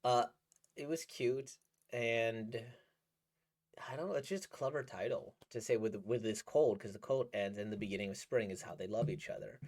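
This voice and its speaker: A man's voice: medium pitch, moderate pace, a little mellow. A man giving casual, rambling commentary as he reacts to a manga he is reading, enthusiastic and laughing often.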